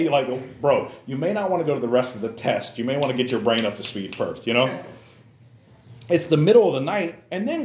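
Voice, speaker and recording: A man preaching a casual, animated sermon in church, acting out characters in exaggerated voices and using youthful slang. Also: a little high, roomy sound, slight background noise. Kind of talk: lively sermon.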